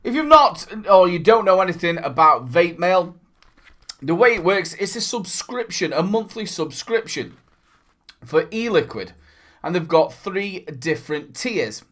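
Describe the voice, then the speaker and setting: In an unhurried, sing-song manner, a happy vape reviewer talks directly to viewers of his informal product vlog. His fairly bright voice sits a little above normal male pitch, and he rambles cheerfully with playful asides thrown in.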